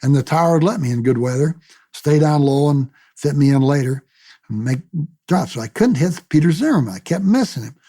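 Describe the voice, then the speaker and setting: A retired military pilot in his later years tells his memories for an oral-history interview. His voice is gravelly and husky, with a dark, mellow tone. He tells the story in a lively way, acts out the people he quotes, and repeats words as he finds his place. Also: a little high, a little fast. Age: older. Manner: repeats words when he restarts.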